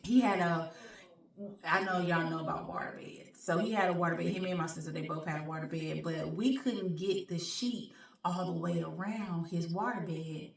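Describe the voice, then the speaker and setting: A woman hosting her own show, telling a personal story in an animated, colloquial way and speaking straight to her audience. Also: fairly low pitch, normal speed, gravelly. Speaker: show host. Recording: roomy sound, distant from mic.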